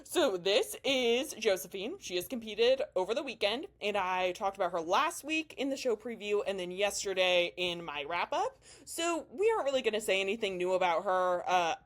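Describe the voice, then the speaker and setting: A woman's voice: medium pitch, lively intonation, normal speed. Casting: young adult woman, chatty and giggly vlogger, mid-range voice, desk-mic feel. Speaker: bodybuilding vlogger. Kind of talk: casual talking-head commentary.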